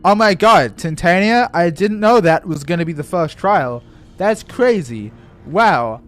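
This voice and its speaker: Lively male game streamer, swears freely; music bed underneath. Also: high-pitched, a little slow. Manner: excitable, swearing, laughing often. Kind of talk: casual live-stream commentary.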